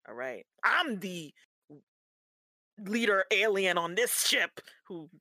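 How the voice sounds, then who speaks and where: A woman co-hosting a casual podcast, recapping a show with animated, slangy, playfully exasperated talk. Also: medium pitch, slow pace, dry recording. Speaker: podcast co-host.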